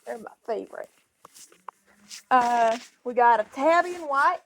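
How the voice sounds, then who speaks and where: High-voiced, slow-talking woman with a Southern drawl. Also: animated, fairly bright tone, a little hiss or hum. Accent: put-on Southern US drawl. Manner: chatty, coos at animals in a high baby voice. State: a little out of breath from walking. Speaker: farm vlogger. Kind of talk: casual walk-and-talk farm vlog. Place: outdoors on a farm.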